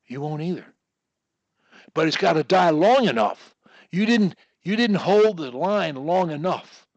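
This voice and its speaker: A man coaching one-on-one over a video call, explaining techniques in a deliberate, instructive way and drawing words out. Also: fairly high pitch, animated, dry recording, muffled recording. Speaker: speech coach.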